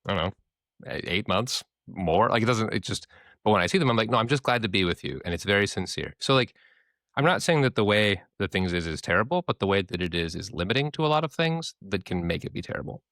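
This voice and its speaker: A podcast co-host, a man with a low voice, talks in a loose, candid ramble and swears freely. He acts out the people in his stories with quick voices of their own. The sound is dry and close. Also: animated, fairly bright tone, no echo. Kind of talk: casual discussion.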